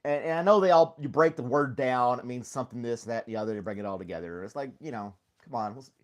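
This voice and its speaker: A man's voice: mid-range voice, fast. A middle-aged man hosting a casual live stream chat, talking in a rambling, easygoing way and laughing often as he reads viewer comments.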